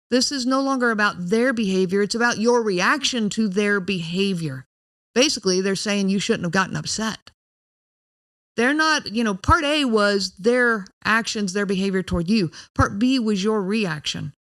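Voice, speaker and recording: A woman's voice: mid-range voice, fairly bright tone. A woman hosting a podcast, explaining in an earnest, direct way and speaking straight to the listener. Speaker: podcast host.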